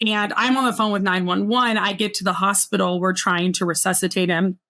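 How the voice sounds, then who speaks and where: A woman guest speaks on a podcast about her own life. Her voice sits at an ordinary middle pitch. She talks earnestly and reflectively, and she slows down over the hardest moments. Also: fairly even intonation, pushed and bright. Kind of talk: personal storytelling in a podcast interview.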